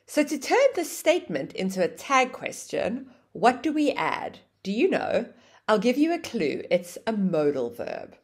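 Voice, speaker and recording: A woman teaching an online English grammar lesson, explaining with a lively, sing-song intonation. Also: fairly high pitch, unhurried, breathy edge.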